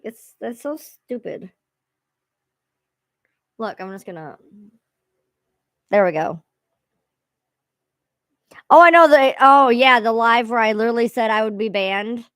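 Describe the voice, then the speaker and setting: A woman's voice: on the high side, fairly bright tone, no echo. A woman hosting a casual livestream, rambling and swearing freely as she chats to viewers. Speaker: livestream host.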